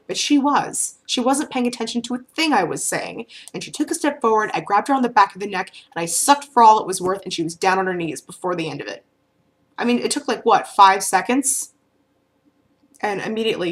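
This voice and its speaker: A woman vlogger telling a personal story in a casual, rambling way, with many fillers and restarts. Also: medium pitch.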